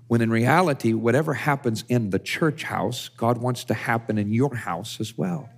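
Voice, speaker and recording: A man's voice: mid-range voice, moderate pace, creaky. A male pastor preaching a conversational sermon, with frequent restarts and repeated words.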